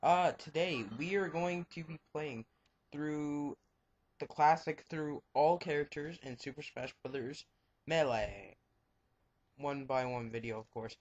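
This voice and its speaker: A man's voice: fairly high pitch, a little slow. A young man giving rambling, frank commentary over his gameplay and muttering reactions as he plays. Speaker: let's play gamer. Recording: dull lo-fi home mic.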